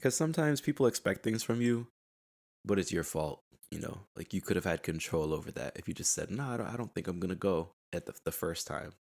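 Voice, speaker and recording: A man's voice: deep voice, lively intonation, a little fast, creaky, darkish tone. A young man hosting a casual solo podcast, rambling in a laid-back way and laughing at himself. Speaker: podcast host. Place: at home.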